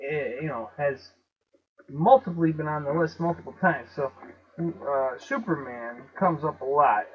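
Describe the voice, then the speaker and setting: A man with a Chicago accent talks casually to his viewers. He is emphatic, repeats words and spells out letters slowly. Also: medium pitch. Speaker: video host. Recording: dull lo-fi recording.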